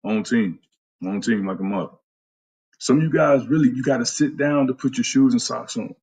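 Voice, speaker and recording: A man's voice: medium pitch, normal speed, a little mellow, slightly rough. A man who is a fitness trainer, giving a blunt, profane talk on a live stream and greeting viewers by name. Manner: blunt, profane, trash-talking.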